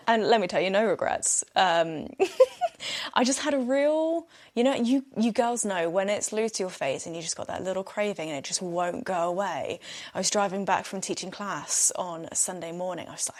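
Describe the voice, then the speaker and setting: A young woman with a British accent talks through her week on a solo podcast. Her voice sits at an ordinary middle pitch. She chats freely, pokes fun at herself and laughs often. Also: moderate pace. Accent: British English. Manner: chatty and self-mocking, laughs often. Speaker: podcast host. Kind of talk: casual solo podcast chat.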